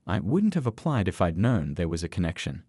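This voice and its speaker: A man's voice: deep voice, sing-song, brisk, darkish tone, no echo. A man reading the lines of an earnest young male job seeker in a story.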